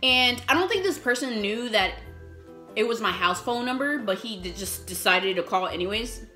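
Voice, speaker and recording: A young adult woman vlogger tells a story while eating, chatty and casual, swearing freely and acting out what people said. Her voice is a little high, bright, and forceful, animated at a moderate pace, recorded in an echoey room with faint music.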